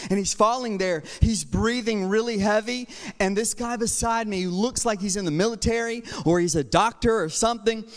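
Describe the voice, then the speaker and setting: A male pastor preaching a sermon with personal stories, energetic and humorous, moving between quiet asides and loud exhortation. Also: high-pitched. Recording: long hall reverb.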